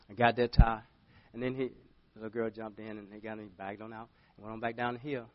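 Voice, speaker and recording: A middle-aged male pastor preaching a sermon, telling a story with big swings from loud to hushed. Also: mid-range voice, level tone, fairly quick, muffled recording.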